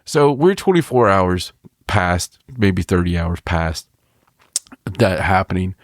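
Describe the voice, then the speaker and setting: A man co-hosting a podcast in casual chat, an animated storyteller who acts out voices and laughs often. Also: sits low, slow, dry recording, studio quality. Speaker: podcast co-host.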